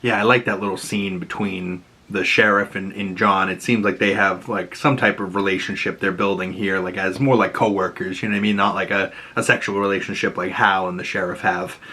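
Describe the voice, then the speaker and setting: Man, casual show recap, bright tone, chatty, loose, swears. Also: deep voice, fairly even intonation, brisk, hardly any pauses, breathy edge. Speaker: show reviewer and host.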